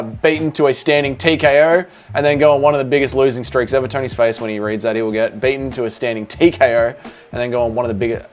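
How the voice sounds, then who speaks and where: Australian male streamer, casual and crude, mid-pitched, reads chat aloud. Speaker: streamer host. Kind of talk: livestream chat Q&A.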